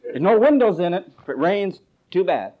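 A preacher voicing a pushy male car salesman shouting a sales pitch in a mock ad. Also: very animated, normal speed, lo-fi sound. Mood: hyped.

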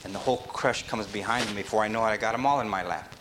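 A man preaching a sermon, rising to emphatic peaks and dropping low, with sudden shifts in pace. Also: fast, background noise. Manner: animated, rises to emphatic peaks and drops low.

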